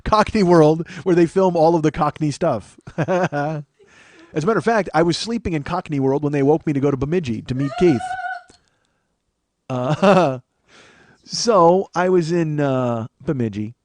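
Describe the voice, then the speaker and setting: A man's voice: fairly high pitch, a little slow, a little mellow, dry recording. A man in his forties from Chicago, a podcast host riffing through a sarcastic, profane comedic monologue in a small studio.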